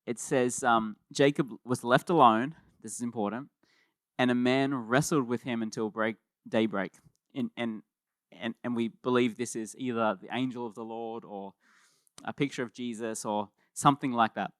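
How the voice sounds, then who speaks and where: A man preaching a sermon as pastor, in a conversational and animated way, often repeating words as he starts a thought. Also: mid-range voice, moderate pace, no room sound, studio quality.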